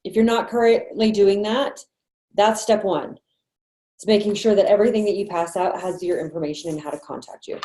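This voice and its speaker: A woman's voice: medium pitch, fairly even intonation, warm tone, roomy sound. A woman sales manager leading an online training meeting in a chatty, encouraging way over a video call. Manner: chatty, encouraging, quick asides and laughs.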